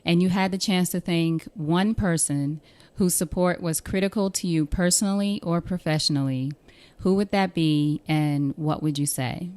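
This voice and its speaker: Woman podcast host, smooth clear voice, lowish, encouraging. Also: normal speed. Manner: warm, encouraging interviewer. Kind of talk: podcast interview.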